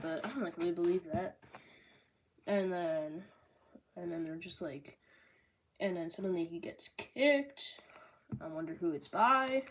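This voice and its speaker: A bubbly young woman talks through a manga volume in casual chat, with lots of fillers and jokey asides. Her pitch sits in a middle range for a woman, and a steady hiss runs under the recording. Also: measured pace. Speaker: manga review vlogger. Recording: noisy home recording.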